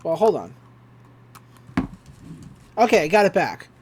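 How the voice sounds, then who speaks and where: A woman's voice: on the low side, a little slow, a little hiss or hum. A woman co-hosting a podcast, chatting casually as she recaps a cartoon episode and acts out the characters' lines. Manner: animated retelling with acted-out quotes and laughs. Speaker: podcast co-host.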